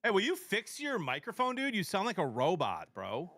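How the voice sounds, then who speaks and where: A man hosting a casual sports chat on a live stream, excitable and full of slangy banter about bets. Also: high voice, moderate pace, no echo. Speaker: sports show host and streamer.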